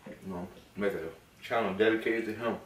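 Casual male vlogger, playful, soft-spoken father at home; roomy, distant-mic sound. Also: lowish voice, moderate pace. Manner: relaxed, playful, often softly spoken. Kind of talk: casual mukbang chat with his baby. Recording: echoey room, mic at a distance, faint noise.

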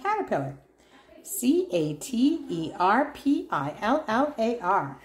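A woman's voice: fairly high pitch, sing-song, slow. A woman reading a first-words workbook aloud to her child, spelling out words letter by letter in a sing-song way. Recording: roomy echo.

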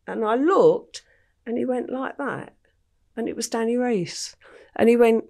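A podcast guest, this older Englishwoman recounts her life story plainly and without hurry, frequently saying um. Her fairly high voice is expressive and carries vocal fry.

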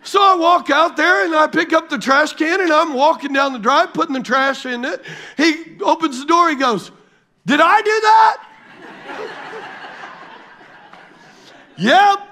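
A middle-aged man preaching to his church congregation as pastor, animated and joking with the crowd. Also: very high-pitched, normal speed. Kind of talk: sermon. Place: large church hall.

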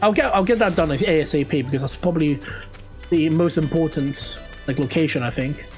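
High-voiced chatty gaming streamer man. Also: fairly quick, soft background music. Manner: chatty, excitable, talks to chat while playing. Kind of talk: casual live gameplay commentary.

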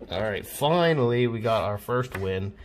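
Excitable man scratching lottery tickets. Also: lowish voice, a little slow, slight background noise. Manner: excitable, exclaiming, counting numbers aloud. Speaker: lottery scratch-off channel host. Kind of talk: casual scratch-off commentary.

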